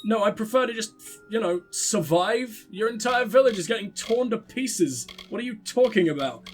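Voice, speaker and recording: Young male gamer, high-pitched, sardonic and profane, casual playthrough commentary over light game music. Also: expressive, normal speed. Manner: sarcastic, swears often. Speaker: let's play gamer.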